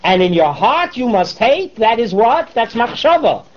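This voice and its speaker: A man's voice: very high voice, sing-song, moderate pace. A man teaching a Torah class, switching between English and Hebrew terms and posing rhetorical questions to his students. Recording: dull lo-fi classroom recording.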